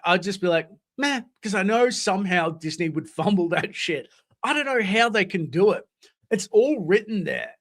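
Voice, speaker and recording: A man's voice: fairly high pitch, fairly bright tone. An Australian man hosting a live stream, chatting casually, swearing freely and reading out comments from chat. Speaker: livestream host.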